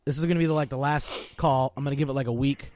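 A man's voice: mid-range voice, steady tone, fast, a little mellow, a little hiss or hum. A man co-hosting a casual podcast, talking bluntly and swearing freely. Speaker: podcast co-host. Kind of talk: casual chat.

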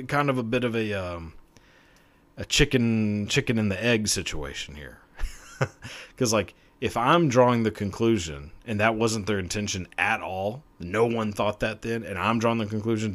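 A young man hosting his own podcast, talking alone in a rambling, profane, self-mocking way, laughing often. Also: fairly low pitch. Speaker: podcast host. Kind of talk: casual solo podcast monologue.

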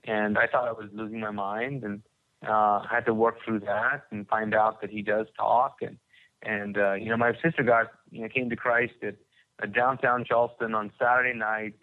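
A man's voice: on the low side, flat delivery, normal speed. Man on a tinny phone-like line. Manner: rambling, repeats and restarts often. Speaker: podcast guest. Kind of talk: conversational testimony.

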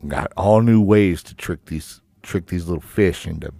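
A man co-hosting a podcast in relaxed, rambling chat with lots of fillers and some vocal fry, on a studio microphone. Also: deep voice, normal speed, no room sound. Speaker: podcast co-host.

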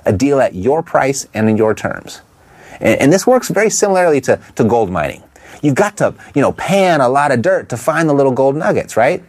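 Animated man coaching on sales calls. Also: mid-range voice. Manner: emphatic, asks quick rhetorical questions. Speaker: real estate investing coach. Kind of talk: instructional talk.

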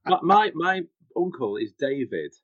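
A man co-hosting a casual podcast, making his points in a dry, deliberate way. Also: mid-range voice, animated, a bit bright, dry recording. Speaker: podcast co-host. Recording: dry, slightly dull podcast audio.

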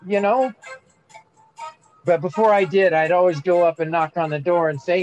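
A man in casual chat, chiming in with quick reactions and then telling a neighbor story. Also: high-pitched, darkish tone, lo-fi sound, faint music behind. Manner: chimes in with quick reactions and jokes.

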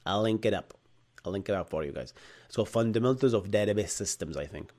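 Animated man with an arab accent. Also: fast. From Bahrain. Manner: animated, jumps between loud bursts and low asides. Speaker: live stream host. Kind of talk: live-streamed tech lecture with chat replies.

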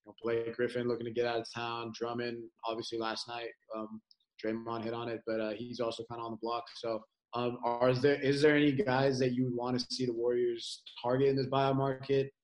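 A man's voice: mid-range voice, monotone, fairly quick. A man hosting a casual sports podcast, loose and profane, full of fillers. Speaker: podcast host.

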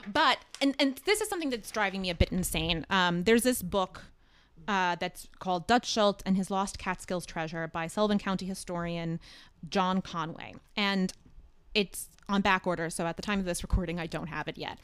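A woman hosts a casual podcast, explaining at length in a chatty way. Her voice is smooth and clear, recorded close and dry. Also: fairly low pitch, normal speed, no room sound. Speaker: podcast host.

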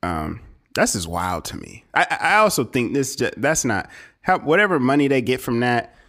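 A man's voice: medium pitch, very animated, moderate pace, a bit bright. A man co-hosting a casual podcast, talking in a loose, rambling way with lots of fillers. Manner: laid-back, rambling, frequent laughs and fillers. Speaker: podcast co-host. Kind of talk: casual chat.

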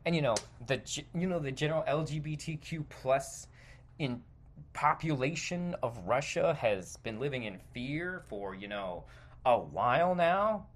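A man's voice: mid-range voice, lively intonation, unhurried. Heated, swearing podcast host man. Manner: heated, profane ranting; self-interrupting and rambling. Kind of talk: opinion monologue.

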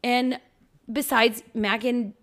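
A woman's voice: a little high, flat delivery, slow pace, fairly bright tone. A woman in her thirties co-hosting a casual podcast, telling a story with plenty of swearing and acting out the people in it. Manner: swears freely, acts out quoted people when telling stories. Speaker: podcast co-host. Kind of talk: casual chat.

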